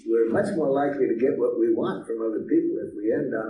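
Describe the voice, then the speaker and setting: A man's voice: medium pitch, fast talker, mellow. Man leading a workshop, heard from afar. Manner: playful storytelling, teasing. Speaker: workshop leader. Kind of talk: teaching workshop with role-play. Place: workshop room. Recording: echoey room from far off, faint hiss.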